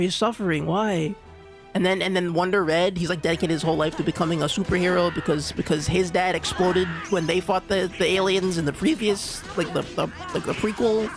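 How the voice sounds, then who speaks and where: With game music in the background, a young streamer rambles through casual commentary in a high-sitting voice with vocal fry. He restarts constantly and fills his speech with "like" and "you know."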